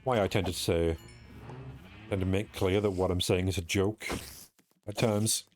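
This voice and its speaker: British man, young, deep voice, rambling, self-mocking, casual streaming chat. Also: fairly even intonation, a little slow, noisy background.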